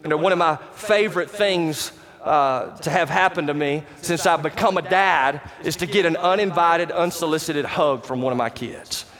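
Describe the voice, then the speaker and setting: A man preaching a sermon as pastor, emphatic and rising to shouts on key words, and calling out to the congregation for responses. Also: fairly high pitch, moderate pace, a crowd in the background. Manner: talks to the congregation directly, asks for responses. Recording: long reverb of a large hall.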